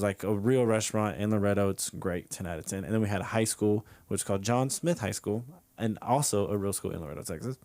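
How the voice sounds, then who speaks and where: A man's voice: on the low side, a little mellow. A young man doing stand-up at an open mic, telling a rambling story full of fillers and chuckling at his own lines. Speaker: stand-up comedian. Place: comedy club open mic.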